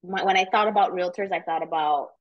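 A woman realtor chatting in a casual interview, telling animated stories and swearing casually. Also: on the low side, fairly quick, dull audio. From United States. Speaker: realtor guest.

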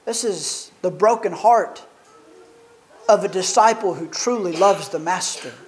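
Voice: mid-range voice, measured pace, darkish tone, low-quality recording. A preacher reading a Bible passage aloud and then expounding it in an earnest, reflective sermon with rhetorical questions.

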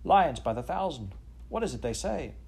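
A man's voice: medium pitch, big pitch swings, moderate pace, creaky, a little mellow, breathy edge, pitched above the performer's own voice, exaggerated voice. A man reading aloud, voicing a commanding, cruel ancient queen. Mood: imperious.

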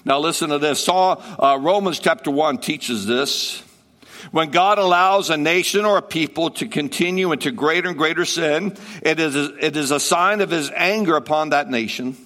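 A man's voice: on the high side, moderate pace, fairly bright tone, long reverb tail. A male pastor preaching a sermon, emphatic, repeating phrases and asking rhetorical questions.

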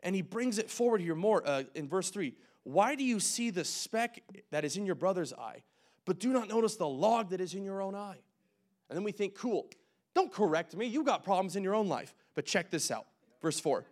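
Young guy pastor, kinda high voice, casual sermon full of jokes and side comments. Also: expressive, a little mellow. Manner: joking, conversational, quick asides.

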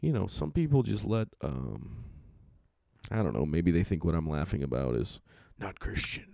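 Man, comedian, from California, casual rambling monologue, profane, low voice, gravelly fry. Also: big pitch swings, normal speed, warm tone, dry recording, clean studio sound. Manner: profane, rambling, self-mocking. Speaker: stand-up comedian.

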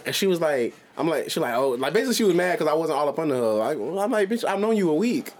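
A man in his late twenties, co-hosting a podcast and telling a story in loose, casual chat. His pitch sits a little high and jumps around a lot, and the words pour out quickly. He swears constantly and laughs at his own lines. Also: sing-song. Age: 20s. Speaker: podcast co-host.

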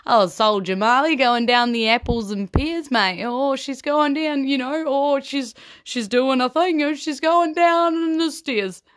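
A woman's voice: high-pitched, unhurried, no echo, clean studio sound, voice pushed up. A woman putting on a silly Cockney accent as a rambling adventurer. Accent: put-on Cockney. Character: rowdy mock-Cockney adventurer.

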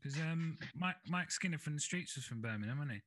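A man's voice: on the high side, expressive, brisk, fairly bright tone, rough recording. A man hosting a podcast in casual chat, speaking in a laid-back way and often asking "do you know what I mean?". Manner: laid-back, chatty, asks for agreement. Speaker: podcast host.

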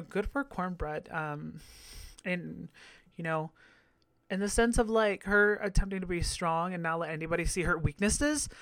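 A man's voice: high voice, a bit bright, no room sound. Campy, giggly man recapping, dry close mic. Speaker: podcast host. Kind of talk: casual episode recap.

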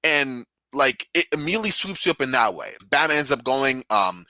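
Casual male talker on a video call, bright, forceful, rambling delivery, dry sound. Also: mid-range voice, brisk, dry recording, low-quality recording. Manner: excitable, rambling with many fillers. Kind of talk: casual chat, retelling comic stories.

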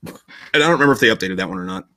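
A man's voice: fairly low pitch, animated, rapid-fire, bright, forceful tone, dry recording. A young man in casual podcast chat, telling a long story in a rambling way, swearing constantly and loosely acting out quotes.

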